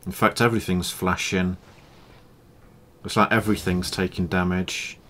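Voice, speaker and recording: A young man calmly explaining his gameplay tests in a matter-of-fact commentary. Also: low-pitched, normal speed, slight background noise. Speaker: gaming YouTuber.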